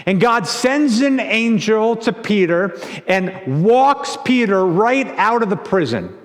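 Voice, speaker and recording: A man preaching a sermon as pastor, telling the story in a lively conversational way and sometimes repeating his words. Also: high voice, slow pace. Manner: animated storytelling with acted-out quotes. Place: church sanctuary. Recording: long church reverb.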